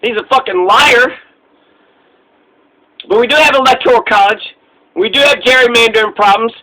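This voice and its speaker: A man's voice: extremely high pitch, moderate pace, pushed and bright, low-quality recording. An American man delivering an angry, profane political rant full of sarcasm. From United States. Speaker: political commentator. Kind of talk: profane ranting monologue.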